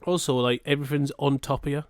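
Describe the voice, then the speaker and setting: A man's voice: mid-range voice, steady tone, fast talker, dry recording, studio quality. A man with a northern English accent, a podcast co-host, rambling bluntly and swearing in casual chat.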